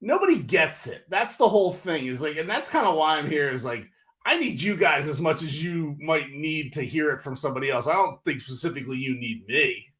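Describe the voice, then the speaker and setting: A man, hosting a casual livestream with animated, exasperated talk full of fillers. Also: a little high, a little fast. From Northeastern US. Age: 40s. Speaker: livestream host.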